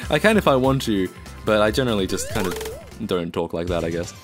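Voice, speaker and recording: A man's voice: lowish voice, huge pitch swings, a little fast, over music. Rambling streamer man from Australia. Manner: rambling, reads chat aloud and answers it. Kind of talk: casual live-stream chat.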